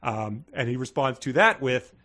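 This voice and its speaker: A man's voice: mid-range voice, expressive, normal speed, fairly bright tone. A man co-hosting a comedy book-reading podcast, reading quotes aloud and mocking them sarcastically. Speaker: podcast co-host.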